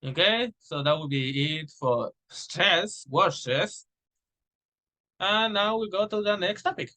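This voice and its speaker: A young man whose first language is Spanish presents a class lesson on pronunciation. His voice sits a little high and sounds bright and forward. He stretches his example words out slowly and restarts his sentences now and then. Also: animated, rough recording. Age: young adult. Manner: explains with slow drawn-out example words, restarts and fillers. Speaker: student presenter. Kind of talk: recorded class presentation on phonetics.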